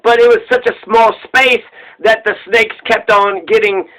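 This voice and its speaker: A man with a high, bright voice retells an old fable off the cuff. He rambles and swears freely, and he laughs at his own jokes. The audio has a radio-like sound. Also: fairly even intonation, measured pace, rough recording. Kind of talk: casual profane retelling.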